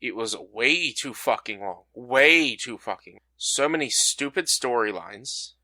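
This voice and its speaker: A man's voice: mid-range voice, animated, a little slow, bright, forceful tone, dry recording. A young man co-hosting a podcast in casual chat, blunt and swearing freely. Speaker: podcast co-host.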